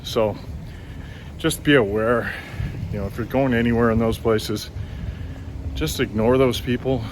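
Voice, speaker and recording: A man's voice: medium pitch, fairly even intonation, measured pace, long pauses. Male vlogger walking outdoors: mid-range voice, chatty and exasperated, faint traffic. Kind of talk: walk-and-talk vlog storytelling. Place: outdoors on a city street.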